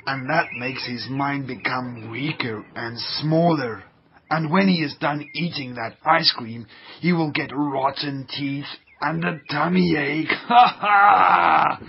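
A man voicing a sly male germ villain who flatters and gloats, in a children's radio drama, with a slightly dull lo-fi sound. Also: mid-range voice, slight background noise. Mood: gloating. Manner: scheming, cackling, wheedling flattery.

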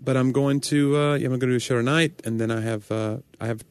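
A man's voice: mid-range voice, steady tone, fast, clear, resonant tone, no room sound. A man who is a comedian and podcast co-host, chatting casually with a wry, joking manner. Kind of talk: casual chat.

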